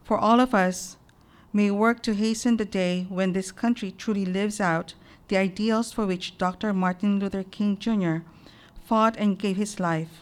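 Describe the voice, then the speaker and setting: A woman's voice: mid-range voice, steady tone. Woman reading the prayers of the faithful. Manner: measured liturgical reading. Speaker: lector reading intercessions.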